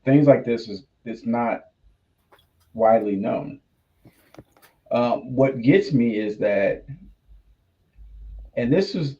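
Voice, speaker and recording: A man's voice: mid-range voice, dark tone, dull audio. A man co-hosting a podcast, speaking hesitantly with frequent ums. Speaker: podcast co-host. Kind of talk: casual podcast discussion.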